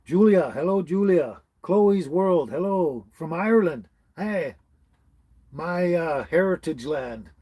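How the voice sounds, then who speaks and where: A man's voice: a little high, lively intonation, slow pace, mellow, breathy edge, dry recording. A man from British Columbia hosting a casual livestream at home, greeting viewers by name, chuckling often and stumbling over names. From British Columbia, Canada. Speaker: livestream host. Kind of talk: casual livestream chat reading comments.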